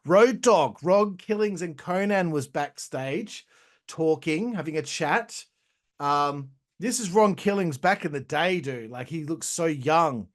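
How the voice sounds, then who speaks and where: A man's voice: fairly high pitch, takes it slowly. Profane man ranting as host. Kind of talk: casual wrestling review commentary.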